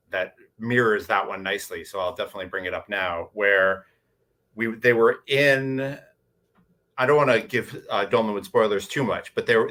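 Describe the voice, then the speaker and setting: Animated bright-voiced game master. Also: male voice, on the low side. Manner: animated storytelling with many restarts. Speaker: game master, convention panelist. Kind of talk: casual panel chat.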